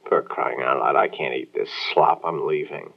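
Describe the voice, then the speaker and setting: A man's voice: extremely low pitch, moderate pace, creaky, slightly rough, heavily acted. A man playing a grouchy, impatient husband in a comedy sketch, snapping at his wife in exasperation. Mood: grumpy. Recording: dull lo-fi old recording.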